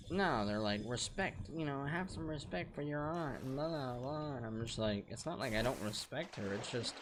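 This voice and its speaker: A young man talks through a late-night game stream at home, venting and rambling with plenty of profanity. His voice sits at a middle pitch, with a faint hiss of noise behind it. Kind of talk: casual live-stream chat.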